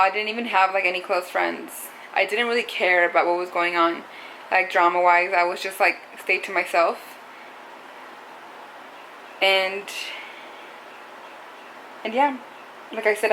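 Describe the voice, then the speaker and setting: A woman's voice: mid-range voice, vocal fry, a bit bright, slight background noise, poor audio. A young adult woman talking to camera in a casual, confessional vlog, rambling and saying "like" a lot. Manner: rambling, heavy use of "like". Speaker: vlogger.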